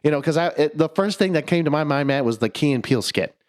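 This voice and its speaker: Fast-talking and animated, with a voice on the high side, this young man co-hosts a podcast and tells a story in casual conversation. He swears freely, laughs mid-sentence, and restarts his words.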